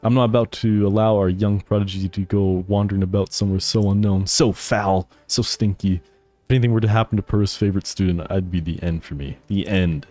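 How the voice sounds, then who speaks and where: A man's voice: sits low, fairly even intonation, a little fast, warm tone, faint music behind, lightly acted. A man voicing an eccentric older male researcher who reads his game lines in a theatrical, dramatic way.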